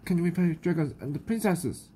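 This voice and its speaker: A woman's voice: on the low side, moderate pace, slight background noise, lightly acted. A woman with a New Zealand accent voicing an eager, pleading little girl witch in a children's picture book read aloud. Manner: pleading, excitable.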